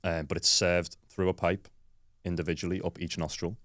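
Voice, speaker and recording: A therapist and men's coach speaking in a calm, reflective way, with gentle affirming hums as he listens. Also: low voice, moderate pace, dry recording, clean studio sound.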